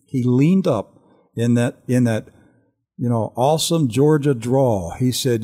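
An older man telling an earnest personal testimony on a Christian talk show, animated and full of restarts. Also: medium pitch, normal speed, husky.

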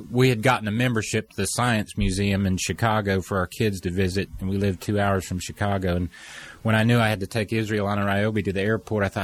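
A middle-aged man with a lowish voice recounts a dream with rising emotion. He slips into the voices of the people in his story, speeding up and slowing down as the tale grips him. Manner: animated storyteller, acts out quoted voices. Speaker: guest telling a testimony.

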